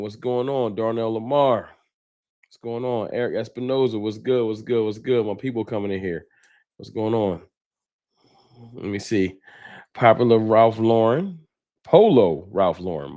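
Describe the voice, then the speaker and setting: A man's voice: lowish voice, mellow. A man hosting a fan livestream, casually greeting viewers by name in laid-back slang.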